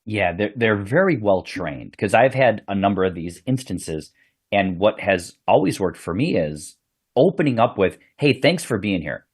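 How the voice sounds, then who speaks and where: Husky low-voiced male podcast host. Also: lively intonation, moderate pace, darkish tone. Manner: earnest, repeats words as he thinks. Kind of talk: casual interview chat.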